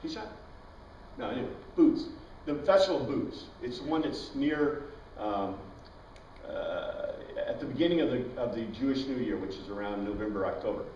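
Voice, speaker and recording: A man's voice: mid-range voice, expressive, normal speed, a little mellow, slight background noise. A man teaching an informal Bible class, chatty, quizzing his students and wandering into tangents. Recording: dull, echoey room recording from far off.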